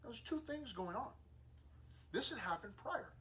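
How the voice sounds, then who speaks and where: A man teaching a Bible lesson to a youth group in a casual, lively way, acting out the dialogue as he tells the story. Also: very high-pitched, normal speed. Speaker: youth pastor. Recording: distant mic with faint room ambience.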